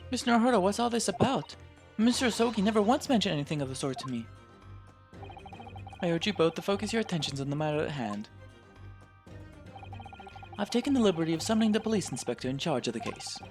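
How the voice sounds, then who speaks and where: A man's voice: sits high, animated, fast talker, long pauses, darkish tone, faint music behind, voice pushed up. A man voicing a composed aristocratic British lord in a game let's play, speaking formally with a British accent. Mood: stern. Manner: formal, clipped, stately.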